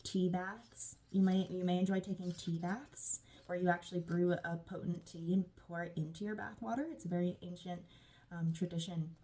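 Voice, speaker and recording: A woman's voice: lowish voice, fairly even intonation, moderate pace, mellow. A woman giving a channeled tarot reading, affirming and gushing, with frequent sighs. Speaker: tarot reader.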